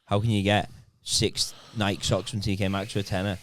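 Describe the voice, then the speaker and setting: Low-voiced man in crude banter. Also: level tone, normal speed, a little hiss or hum. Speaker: podcast co-host. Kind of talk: casual chat.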